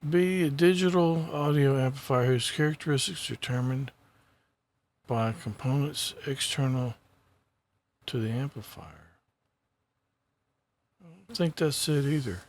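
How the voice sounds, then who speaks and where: A man's voice: mid-range voice, unhurried, pauses often, darkish tone. A man co-hosting a casual show, joking and reading multiple-choice answers aloud as he works through them. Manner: joking, easygoing. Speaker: co-host taking the exam questions.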